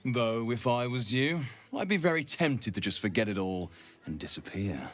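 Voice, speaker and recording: An actor playing a cold, scornful cultist in a fantasy video game, sneering and measured. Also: male voice, medium pitch, lively intonation, a bit bright, close to an everyday voice. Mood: menacing.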